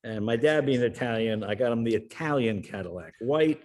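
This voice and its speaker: Older man telling lively stories. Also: mid-range voice, brisk. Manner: acts out family members in raised, shouting voices. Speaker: guest. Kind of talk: animated storytelling.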